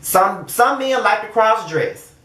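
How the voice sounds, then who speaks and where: Man, casual commentary, blunt and profane, slightly high voice, roomy echo. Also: expressive, takes it slowly, a bit bright, slight background noise. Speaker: show reviewer.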